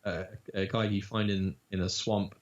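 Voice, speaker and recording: Man, voice actor, casual interview talk, animated storytelling, lowish voice, dull lo-fi sound. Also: normal speed. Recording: dull lo-fi audio.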